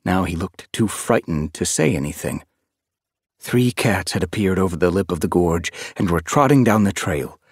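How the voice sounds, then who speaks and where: A man narrating a fantasy audiobook, expressive and reading from a script. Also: sits low, moderate pace, breathy edge, no echo, clean studio sound. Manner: expressive, shifting voices for characters.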